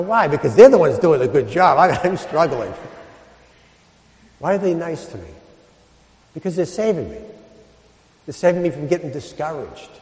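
A priest preaching in a big church, his voice ringing off the walls with a long reverb tail. He tells homely stories, asks the congregation questions, then drops low and slow to land his point. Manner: storytelling, rhetorical questions, soft dramatic drops. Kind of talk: homily. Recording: echoey church hall.

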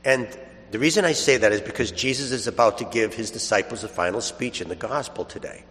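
A man's voice: medium pitch, fairly quick, fairly bright tone, in a large hall. A man, a priest, giving a sermon in a conversational storytelling way, chuckling now and then.

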